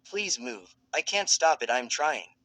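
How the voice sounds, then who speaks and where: A man's voice: medium pitch, expressive, a little slow, bright, forceful tone, no room sound, low-quality recording. A man voicing a desperate young man who pleads and apologizes during a fan fiction reading. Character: desperate young man fighting his own body.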